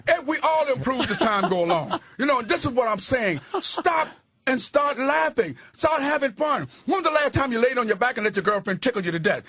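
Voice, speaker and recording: A man in his sixties, a guest on a talk radio show, speaking loudly, roughly and emphatically as he preaches his views. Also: very high voice, lively intonation, fast, hardly any pauses, no room sound, studio quality. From United States. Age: 60s.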